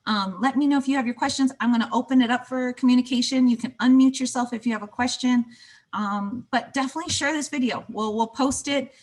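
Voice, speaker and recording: A woman's voice: high-pitched, quick pace, darkish tone. A woman in her thirties giving a webinar presentation for an agency over a video call, talking in a friendly, reassuring and chatty way with fillers.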